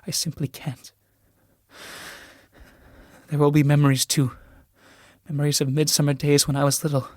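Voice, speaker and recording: A man's voice: a little high, flat delivery, moderate pace, pauses often, a little mellow, no echo, studio quality, close to an everyday voice. A man reading the part of a proud, desperate young noblewoman in a solo reading of a stage play, swinging from pleading to furious shrieks. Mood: wistful pleading.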